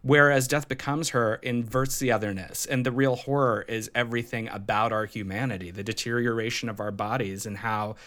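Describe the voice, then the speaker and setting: A man co-hosts a podcast with a bright, forward voice at average pitch. He drops wry, dry quips and laughs along. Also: steady tone, brisk, few pauses. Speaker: podcast co-host. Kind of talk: casual chat.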